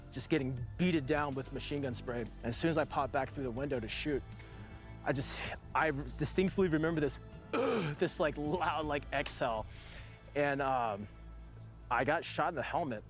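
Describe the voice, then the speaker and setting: A man in his forties, a veteran guest, telling a long story in a loose, rambling way full of fillers. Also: on the high side. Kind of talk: casual storytelling.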